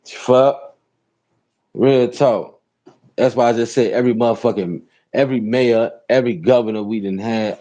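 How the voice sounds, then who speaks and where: A man's voice: lowish voice, dark tone. A man from Chicago, a rideshare driver and show host, giving loose, profane ranting commentary from inside a car and repeating "real talk" often.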